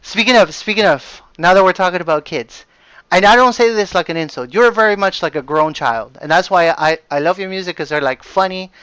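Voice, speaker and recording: A man hosting a casual podcast chat, animated and enthusiastic, laughing often. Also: high voice, brisk, clean tone, dry recording. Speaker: podcast host.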